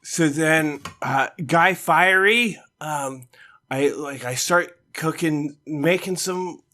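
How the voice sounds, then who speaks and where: A player in a tabletop game, speaking in a halting way. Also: medium pitch, bright, forceful tone.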